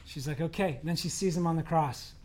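High-voiced pastor preaching conversationally. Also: male voice, quick pace, a little hiss or hum. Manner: conversational, jumps into quoted voices, asks the congregation questions. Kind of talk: sermon.

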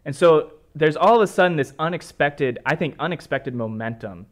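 A man's voice: fairly high pitch, animated, normal speed. A man co-leading a conversational sermon, recounting the story and affirming his partner.

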